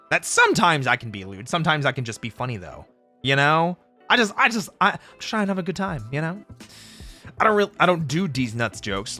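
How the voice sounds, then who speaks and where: A man streaming casually, chatting with viewers in an animated, jokey way and laughing often. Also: medium pitch. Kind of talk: casual live-stream chat answering viewers. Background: faint background music.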